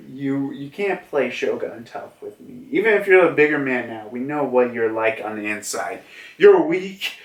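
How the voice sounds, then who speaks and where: A man's voice: mid-range voice, expressive, measured pace, lightly acted. A man voicing a blunt young pirate captain, reading his lines in a plain, loose way. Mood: earnest. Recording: roomy, from a distance.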